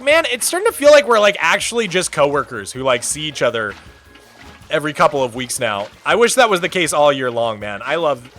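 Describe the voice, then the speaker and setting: A young man chatting casually on a live stream, animated and given to playful rants. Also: a little high. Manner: animated, ranting, quick to exaggerate.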